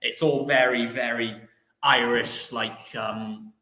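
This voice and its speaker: A man's voice: medium pitch, steady tone, slow pace, sharp tone, roomy sound, low-quality recording. A young man, a footballer guest, telling stories in a casual chatty interview, rambling with lots of restarts and fillers.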